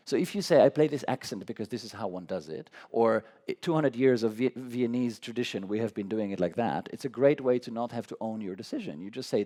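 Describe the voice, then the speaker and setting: Fast, passionate man, stumbling restarts. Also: mid-range voice, dark tone. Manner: talks too fast, admits it. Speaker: conductor. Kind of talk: public conversation on stage. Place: academy meeting hall.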